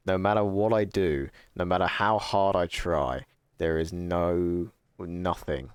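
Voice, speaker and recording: A young man with a deep, smooth voice talks casually to his stream chat. He rambles and corrects himself as he goes, swearing freely. The sound is dry and close, with no room around it. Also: no room sound.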